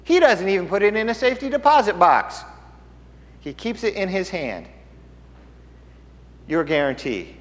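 A man preaching a sermon, emphatic and animated, asking the congregation questions as he teaches. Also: high voice, normal speed, pauses often, slight background noise. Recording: hall reverb.

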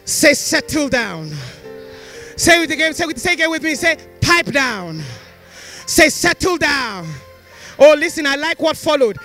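Very high, bright-voiced slow preaching man. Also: lively intonation, faint music behind. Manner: leads congregation in call-and-response declarations. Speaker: pastor. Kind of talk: sermon with fervent prayer.

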